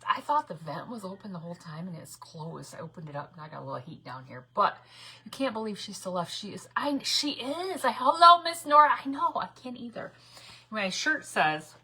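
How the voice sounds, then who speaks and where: Streaming live from her home craft room, this middle-aged woman keeps things chatty and casual, laughing a lot and greeting viewers by name. She speaks a little fast in a mid-range, sing-song voice that sounds husky, pushed and bright.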